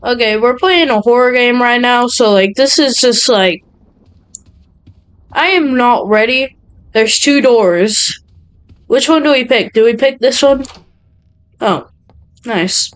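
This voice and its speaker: Young female gaming host, high clear voice, scared, chatty horror let's play commentary. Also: slow pace, long pauses, low-quality recording. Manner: jumpy, nervous, talks to viewers.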